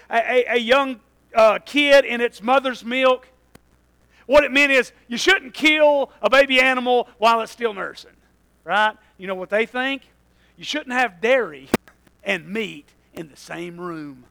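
A man preaching a sermon, moving between quiet asides and loud passages and laughing at his own jokes. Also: extremely high pitch, measured pace, rough recording. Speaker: pastor.

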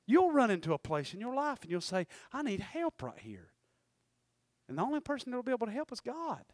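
A man preaching a sermon in church, talking in quick asides and rising to sudden shouted peaks. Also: very high voice, big pitch swings, no room sound. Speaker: pastor.

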